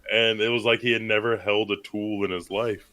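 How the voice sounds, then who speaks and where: A man's voice: lowish voice, fairly even intonation, fairly quick, pushed and bright. A man co-hosting a movie podcast, chatting casually, rambling and joking with lots of fillers. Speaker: podcast co-host. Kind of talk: casual chat.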